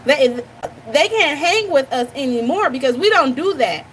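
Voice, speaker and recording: A woman's voice: sits high, expressive, moderate pace, a little hiss or hum. A young woman hosting a reaction channel, talking bluntly and animatedly straight to her viewers in casual commentary.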